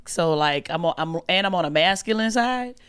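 A woman with a rather low voice that swings widely in pitch chats casually on a podcast. She talks in loose, candid slang and laughs between her words. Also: expressive, moderate pace, fairly bright tone, smooth. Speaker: comedian guest.

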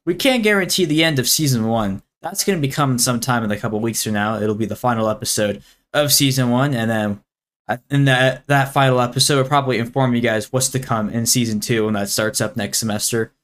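A man's voice: medium pitch, a little fast, fairly bright tone. A teenage boy hosting a school podcast in casual chat, easygoing and laughing often. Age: teens. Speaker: podcast host.

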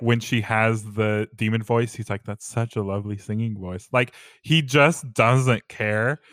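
A man's voice: mid-range voice, fairly bright tone, dry recording, studio quality. A young man joking playfully in a casual film discussion. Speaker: podcast co-host.

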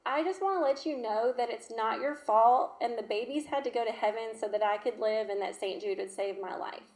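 A woman voicing her young daughter, a calm, reassuring little girl. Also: fairly high pitch, fairly quick, natural voice. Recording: roomy echo.

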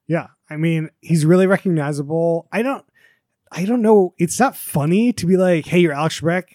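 A man chatting casually as a podcast co-host, animated and acting out quotes. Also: on the high side, normal speed, dry recording, studio quality. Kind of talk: casual chat.

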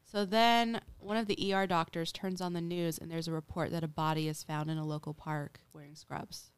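A podcast host with a low, clean-toned voice and fairly even intonation speaks fairly quickly. On her casual show, she retells a true-crime case chattily, saying "like" a lot and acting out quotes.

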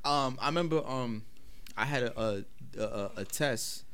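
A young man, hosting a casual podcast chat, talking haltingly with many fillers and restarts and laughing often. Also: mid-range voice, a bit bright, slight background noise. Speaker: podcast host.

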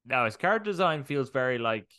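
A man co-hosting a podcast, chatting casually, animated, swearing freely and laughing often. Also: medium pitch, fast, clear, resonant tone, no room sound, clean studio sound. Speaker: podcast co-host. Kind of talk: casual chat.

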